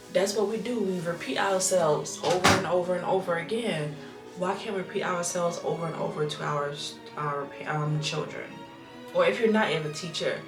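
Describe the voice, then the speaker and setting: A woman's voice: on the low side, echoey room. A woman in her thirties, a mother and vlogger, talking earnestly to camera and thinking aloud with restarts and repeated phrases. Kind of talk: casual reflective talk to camera.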